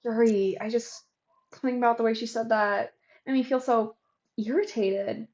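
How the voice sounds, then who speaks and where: A woman's voice: on the high side, fairly even intonation, normal speed, a little mellow, highs cut off, close to an everyday voice. A woman voicing a shy, anxious young woman who talks hesitantly and formally.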